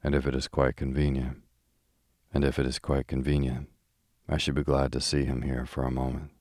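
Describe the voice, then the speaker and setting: Brief: a man reads a polite, deferential hotel owner, deep, flat and dry-miked. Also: normal speed, dry recording. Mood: courteous. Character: courteous suave male hotel owner. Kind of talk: calm audiobook reading.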